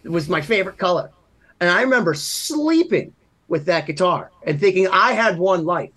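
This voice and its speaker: A man's voice: high-pitched, animated, normal speed, fairly bright tone. A man from Massachusetts, a podcast co-host, telling rambling, self-deprecating anecdotes in casual chat. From Massachusetts, USA.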